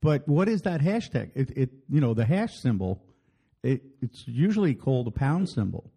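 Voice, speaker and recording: A man with a dark, mellow tone at a middling pitch, chatting on a podcast. He drops wry, deadpan puns and stumbles as he reads text aloud. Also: normal speed, gravelly, breathy edge. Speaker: podcast co-host. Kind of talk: casual chat.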